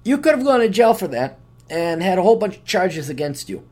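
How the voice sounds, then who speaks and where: A grumpy, condescending male guardian angel scolds and curses with a stern edge, as a man puts him on. The voice swings up and down in pitch while he lectures. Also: sing-song, a little fast, darkish tone. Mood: sarcastic.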